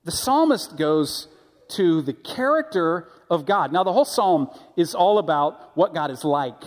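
A pastor preaching a sermon in a conversational, animated storytelling way, often restarting his sentences. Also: on the high side, unhurried, big-room sound. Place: church sanctuary.

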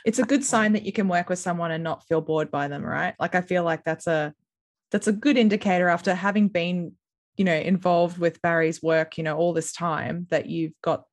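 Woman, podcast co-host, lowish voice, chatty, enthusiastic. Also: fairly even intonation, moderate pace. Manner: chatty, filler-heavy, enthusiastic. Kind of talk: casual chat and read outro.

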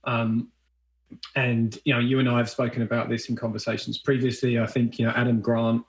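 A man hosts the interview with a gravelly, creaky voice. He rambles through his thoughts, packing in filler phrases before handing over to his guest. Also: mid-range voice, level tone, fairly quick, low-quality recording. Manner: rambling, many fillers like "you know". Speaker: podcast host. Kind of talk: conversational interview.

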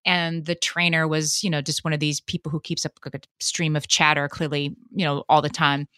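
A woman's voice: low-pitched, a little fast, clear, resonant tone, no echo, studio quality. A woman in her late thirties telling stories on a podcast, acting out what others said. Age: 30s. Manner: animated storyteller acting out quotes. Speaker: podcast co-host. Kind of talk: casual storytelling chat.

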